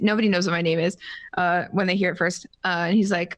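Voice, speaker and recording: A woman's voice: on the low side, little pitch movement, very fast, no echo. A young woman from Canada, co-hosting a podcast, telling a story in casual chat with self-deprecating asides and acted-out quotes. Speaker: podcast co-host.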